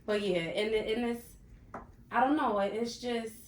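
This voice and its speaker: A woman's voice: fairly high pitch, measured pace. A woman guest on a casual podcast chat, talking matter-of-factly and saying "like" a lot. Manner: matter-of-fact, uses a lot of "like". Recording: echoey room with faint noise.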